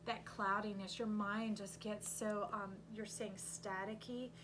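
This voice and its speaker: A woman reading tarot cards aloud in an animated, coaching way, with sudden loud bursts. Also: mid-range voice, measured pace, background noise. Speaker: intuitive tarot reader.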